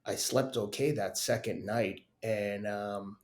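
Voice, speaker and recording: Animated man in his fifties telling stories. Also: on the low side, takes it slowly, echoey room. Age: 50s. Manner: animated storyteller who acts out quotes with swearing and filler. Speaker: podcast guest, masters runner. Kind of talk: casual storytelling interview.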